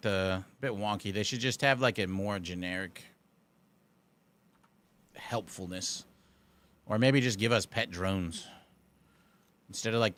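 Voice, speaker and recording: Man, live game streamer, casual commentary, dry sarcastic banter, lowish pitch.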